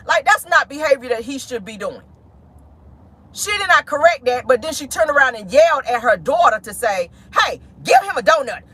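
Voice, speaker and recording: Sitting inside a car, a female gossip vlogger rants bluntly and with plenty of swearing, outspoken and animated. Her voice is high-pitched, and she slips into mocking squeals while imitating people.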